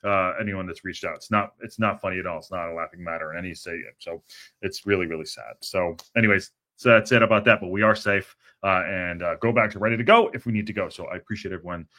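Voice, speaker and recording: Brief: male stream host, tired, bright tone, halting with lots of ums. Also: deep voice. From Southern California. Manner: hesitant, many fillers, reads chat aloud. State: tired, low energy. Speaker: host of a football news livestream. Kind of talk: casual livestream chat.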